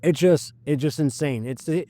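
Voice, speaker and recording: A man's voice: a little high, moderate pace, dark tone. Man, middle-aged, mechanic host, casual monologue, blunt, profane, ranting.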